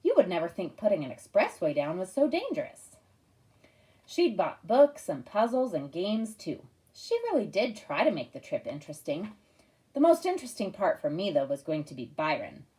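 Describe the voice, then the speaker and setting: A woman narrating a first-person audiobook in a wry, expressive storytelling manner. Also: lowish voice, moderate pace, rough recording.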